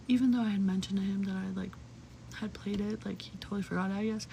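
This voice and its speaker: A young adult woman telling a personal story in casual, chatty talk, full of "like" fillers, cursing, and hushed, whispery asides. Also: mid-range voice, fairly even intonation, fast, gravelly, a little hiss or hum, low-quality recording.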